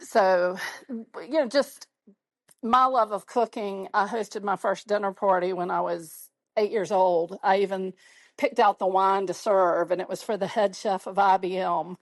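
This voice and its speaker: A woman's voice: mid-range voice, fairly even intonation, a little slow, dry recording. A woman, a podcast guest telling chatty stories and laughing now and then. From Mississippi. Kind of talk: casual conversation.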